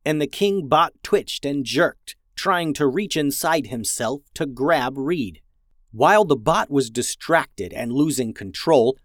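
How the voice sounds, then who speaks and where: A man reading a children's adventure story in a gentle, even storytelling manner as a podcast host. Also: medium pitch, no echo, studio quality. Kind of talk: scripted story narration.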